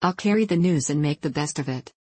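A woman's voice: sits low, brisk, warm tone, slightly rough, no echo. A woman doing an anxious, loyal young nobleman. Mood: helpless. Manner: earnest, worried.

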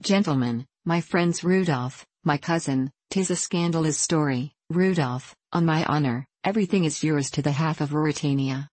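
A woman's voice: low-pitched, normal speed, hardly any pauses, a little mellow, no echo. A woman reading the part of a hearty, defiant young king in an audiobook, declaiming his toasts. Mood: grandly defiant.

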